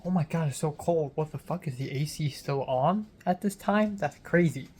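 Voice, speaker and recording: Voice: mid-range voice, normal speed, a little mellow, husky. A vlogger talking through their day in a casual late-night video diary, rambling with lots of fillers and restarts, swearing casually and sounding a little lispy from a sore tongue.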